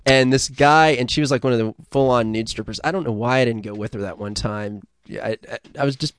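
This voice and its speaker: A man's voice: mid-range voice, fairly quick, clear, resonant tone. A man from the United States co-hosting a casual podcast, rambling, swearing and laughing through stories. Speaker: podcast co-host. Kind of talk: casual crude chat.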